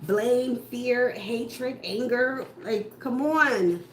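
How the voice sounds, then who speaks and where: A woman's voice: a little high, very slow. A woman giving a casual tarot reading, blunt and profane, firing off rhetorical questions as she rants about what the cards show. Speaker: tarot reader. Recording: echoey room with faint noise.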